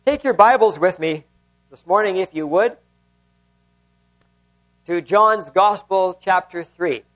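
A man's voice: sits high, slow, fairly bright tone. An older man, a pastor, preaching a sermon in a conversational way and telling personal stories.

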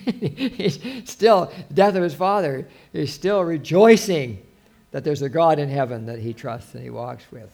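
Gravelly-voiced man preaching. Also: fairly high pitch, unhurried, a little mellow. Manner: conversational preaching with anecdotes and restarts. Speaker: pastor. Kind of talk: sermon.

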